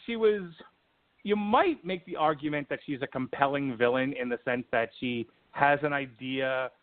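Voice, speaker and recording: A man co-hosting a casual movie-review podcast, talking in an animated, rambling way with frequent restarts. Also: medium pitch, moderate pace. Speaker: podcast co-host, film reviewer. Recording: tinny phone-like line.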